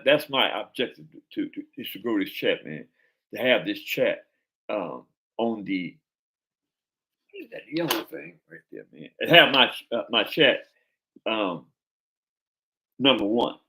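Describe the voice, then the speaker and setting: A man's voice: fairly low pitch, pushed and bright. A man hosting a live stream chat, talking casually in slang and stumbling over repeated words.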